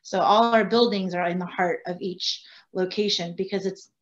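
A woman who owns a family restaurant, telling animated stories on a video-call panel. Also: mid-range voice, moderate pace, highs cut off. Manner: animated, chatty storytelling. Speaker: restaurant owner. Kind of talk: panel discussion.

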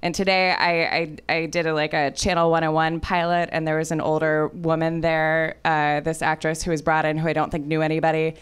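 A woman's voice: sits low, little pitch movement, a little fast, few pauses, clear, resonant tone. A woman guest on a podcast, telling a story in chatty casual talk, still a little sick with something in her throat. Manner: chatty storyteller, laughs through lines.

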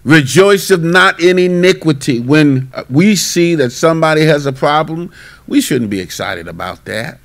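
A man, a bishop, teaching a midweek Bible class and telling a story in a lively, emphatic way. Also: on the high side, moderate pace, vocal fry.

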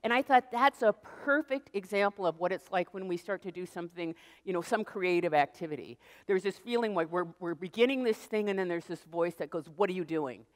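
A middle-aged American woman giving a lively public lecture, telling stories and acting out little voices. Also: on the low side, fairly quick, few pauses. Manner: animated storytelling, acts out voices. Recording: reverberant lecture hall.

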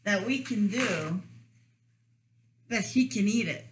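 A woman's voice: mid-range voice, expressive, takes it slowly, a little hiss or hum. A woman chatting casually and giggling as she eats through a food challenge on her vlog. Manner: giggly, chatty while eating. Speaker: vlogger.

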